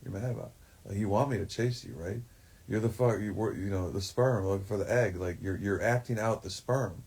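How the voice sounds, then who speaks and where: A man's voice: on the low side, brisk, a little mellow, husky. A man talking in a rambling, profane way, full of fillers, in a livestream monologue. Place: forest shack.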